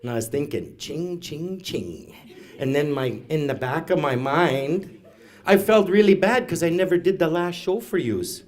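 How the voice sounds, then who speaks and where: A man working through a stand-up set, his voice a touch higher than most men's. He tells long rambling stories with dry, deadpan asides and a wry tag at the end of each line. It sounds like a live stage mic at an event. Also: moderate pace. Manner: storytelling, deadpan asides, laughs at own jokes. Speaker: stand-up comedian. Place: live event hall, audience.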